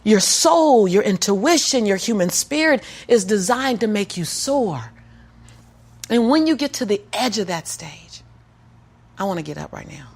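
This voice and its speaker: A woman's voice: medium pitch, expressive, measured pace, breathy edge. A woman being interviewed, telling a personal story with an emphatic, preacher-like cadence and frequent laughter. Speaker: interview guest. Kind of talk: conversational storytelling.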